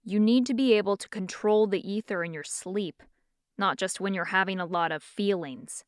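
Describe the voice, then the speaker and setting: A woman narrator voicing a condescending, stern young man who hunts demons, speaking low and curt in an audiobook. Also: normal speed, clean tone, dry recording, studio quality, close to an everyday voice. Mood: scornful. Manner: curt, scornful.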